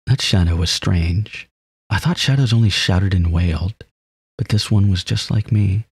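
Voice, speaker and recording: A man reads a visual novel aloud in the first person and breaks in with laughs and comments. His voice is low and very husky. The recording is dry and close, with no room sound. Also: normal speed, darkish tone, no echo. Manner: laughs and comments between read lines.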